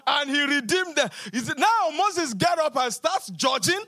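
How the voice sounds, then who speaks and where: A man preaching a sermon as pastor, repeating phrases for emphasis and swinging between loud declarations and hushed lines. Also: very high voice, expressive, moderate pace.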